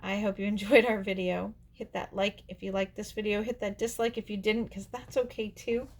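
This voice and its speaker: A woman's voice: medium pitch, level tone, a little fast, darkish tone. Chatty woman vlogger telling a story. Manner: rambling and chatty, laughs often, restarts sentences. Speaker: doll artist and channel host. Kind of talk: casual storytelling to camera.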